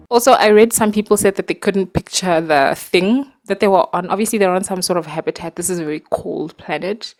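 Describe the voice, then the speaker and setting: A woman's voice: on the low side, brisk, hardly any pauses, faint music behind. Exasperated woman ranting about books. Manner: animated, exasperated, lots of fillers and laughs. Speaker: booktuber. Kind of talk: casual ranting book review. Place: dark room at night.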